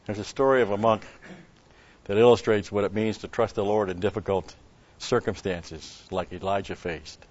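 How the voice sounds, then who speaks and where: A man's voice: lowish voice, steady tone, moderate pace, a little mellow, muffled recording. A man preaching a sermon, telling a story and asking rhetorical questions with an occasional chuckle.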